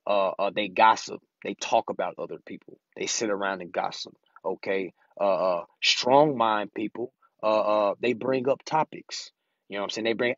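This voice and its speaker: A man's voice: lowish voice, dry recording. A man teaching consumer law in a casual, profane, emphatic monologue, saying "you know what I'm saying" over and over. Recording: dry, slightly dull lo-fi recording.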